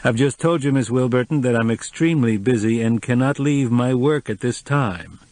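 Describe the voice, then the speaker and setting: A man's voice: medium pitch, lively intonation, a little fast, no room sound, lightly acted. A man reading an audiobook, voicing a reserved, formal middle-aged man who speaks with restraint. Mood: restrained. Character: patient, reserved middle-aged man, cool then kind.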